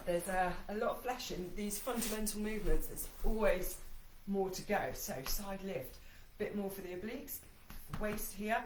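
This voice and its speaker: A woman coaches an ab workout while performing it, pacing encouraging breathing cues as her slightly breathless voice trembles with effort. She has a medium-pitched voice, picked up from far away in an echoey room with slight background noise and low recording quality.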